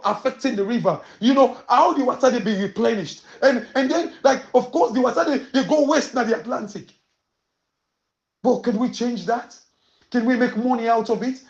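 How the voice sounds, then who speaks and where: A woman's voice: a little high, highs cut off. A woman from Sierra Leone with a Krio accent, giving emphatic political commentary full of rhetorical questions and switching between Krio and English.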